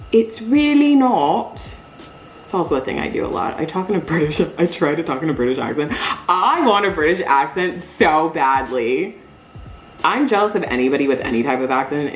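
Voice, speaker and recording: A woman in her thirties with a low voice and a roomy sound talks candidly in a casual, rambling vlog while decorating cookies, leaning heavily on fillers.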